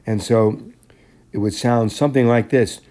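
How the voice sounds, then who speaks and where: A man teaching a class, explaining the material in a measured, step-by-step way and often clearing his throat. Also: medium pitch, steady tone, warm tone, slight background noise. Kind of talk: classroom lecture explaining handouts.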